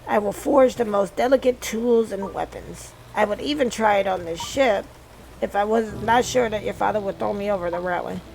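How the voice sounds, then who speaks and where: A woman's voice: mid-range voice, moderate pace, gravelly, darkish tone, a little hiss or hum, close to an everyday voice, low-quality recording. A woman voicing a wistful female blacksmith aboard a ship, reading game dialogue aloud earnestly.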